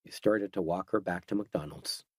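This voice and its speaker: A man giving steady, scripted narration of a horror audiobook. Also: deep voice, normal speed, husky, dry recording.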